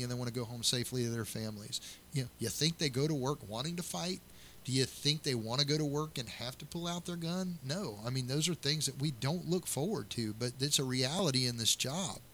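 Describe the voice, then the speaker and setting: Earnest bright-voiced sheriff. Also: male voice, medium pitch, lively intonation, a little fast, a little hiss or hum. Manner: earnest, storytelling with many restarts. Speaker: county sheriff. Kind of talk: interview answers.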